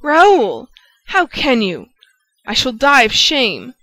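Woman reading a young singer girl, low and earnest, pleading, audiobook. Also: unhurried, fairly bright tone, dry recording, close to an everyday voice.

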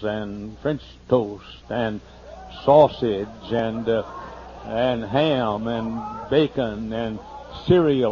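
A man pastor telling a humorous, folksy story during a sermon, slowing down to list items one by one. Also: medium pitch, husky. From United States. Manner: folksy and humorous, lists things slowly. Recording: muffled older sermon tape.

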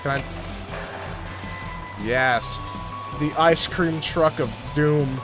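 A young man giving goofy, excitable commentary over his own video game playthrough, joking with his viewers. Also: a little high, drawn-out words. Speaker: gaming YouTuber. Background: game music and sirens.

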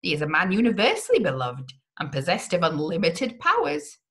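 A woman voicing a female prison servant with a lowered, confiding voice in a gothic storybook reading. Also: wildly swooping pitch, fairly quick. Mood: chatty.

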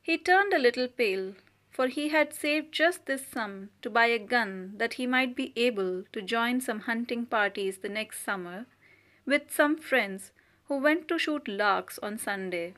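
Audiobook reader: woman, fairly high voice, steady measured story narration. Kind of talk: scripted narration of a short story.

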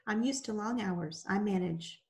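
A woman's voice: mid-range voice, unhurried, lightly acted. A woman reading the lines of a young mill girl who answers politely and deferentially. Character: young female mill girl, timid but spirited.

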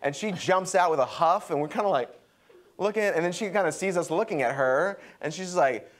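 A young adult man preaching a sermon, animated and acting out quotes. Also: a little fast. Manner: lively, acts out quotes with pitch jumps. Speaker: pastor.

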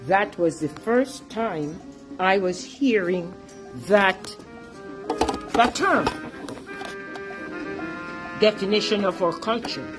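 A woman's voice: medium pitch, takes it slowly, pauses often, music in the background. A middle-aged woman with a Jamaican accent, an earnest and emphatic teacher and artist giving a presentation about her artwork.

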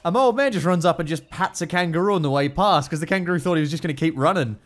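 A young Australian man giving excitable, foul-mouthed let's play commentary. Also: a little high, rapid-fire. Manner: excitable, swears a lot, laughs often. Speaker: gaming YouTuber.

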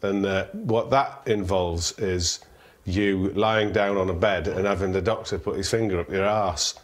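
A man's voice: low voice, measured pace. A middle-aged man telling an anecdote in a wry, matter-of-fact way. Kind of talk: casual anecdote.

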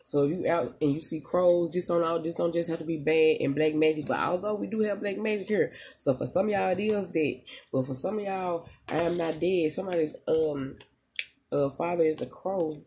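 A spiritual reader giving a casual channeled reading straight to viewers, slangy and chatty, pausing often to tune in. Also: mid-range voice, dark tone, slight background noise. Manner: emotional at moments, talks straight to the audience.

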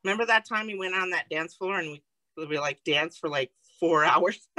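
A woman's voice: fairly low pitch, normal speed, pushed and bright, a little hiss or hum, poor audio. A woman co-hosting a podcast, bantering bluntly and jokingly in casual chat. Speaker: podcast co-host.

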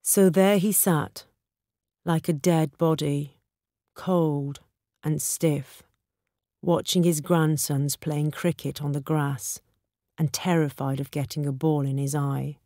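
A woman narrating a storybook in a measured, deliberate reading for English learners. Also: low-pitched, steady tone, mellow, no room sound, studio quality.

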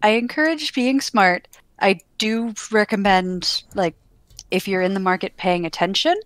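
A young married woman in casual podcast chat, speaking in a measured, articulate way. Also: medium pitch, no room sound. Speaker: podcast co-host.

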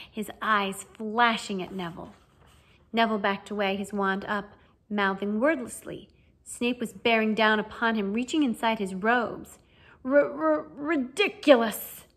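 A woman narrating a children's fantasy novel as an audiobook reader, with a lively, expressive reading. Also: mid-range voice. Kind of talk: storybook narration.

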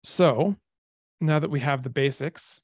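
Guy lecturing on a video call, kinda high voice, talks it through with lots of ums, dry close sound. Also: a little slow, breathy edge, dry recording. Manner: chatty, thinks aloud with fillers and restarts. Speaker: lecturer on dead languages. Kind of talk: online talk with slides.

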